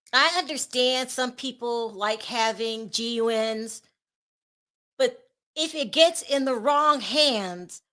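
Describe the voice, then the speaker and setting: Chatty middle-aged woman streamer, emotional and direct with viewers, bright, slightly high voice. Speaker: YouTube gossip show host. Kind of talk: casual live-stream chat.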